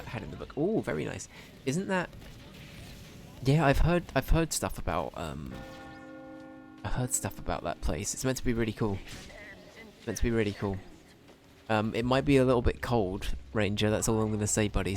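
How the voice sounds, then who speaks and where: A young man chatting casually on a game stream, rambling and swearing as he jokes with chat. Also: on the low side. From Britain.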